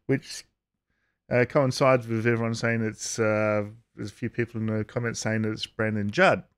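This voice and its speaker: A man giving casual vlog commentary, halting with frequent uhs and restarts and chuckling as he talks. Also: lowish voice, level tone, smooth. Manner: chuckles while talking. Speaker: YouTube commentator.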